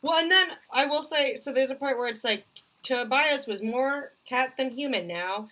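A woman on a video call argues a point about a book, jumping in to push back. Her voice sounds bright and sits a little high. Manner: animated, joking, quick to argue. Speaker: podcast co-host. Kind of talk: casual chat about a book.

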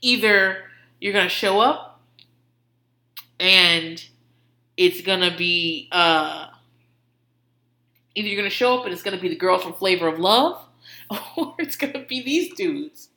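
A woman's voice: fairly low pitch, animated, a little slow, pauses often, bright, forceful tone. A woman host giving a casual comedic recap, swearing freely and laughing often as she talks. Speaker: podcast host. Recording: roomy echo.

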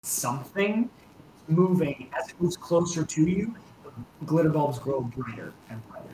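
High-voiced man game master. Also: animated, moderate pace, a little mellow, slight background noise. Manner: rambling, restarts with filler words. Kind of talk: narrating a tabletop game. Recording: roomy echo.

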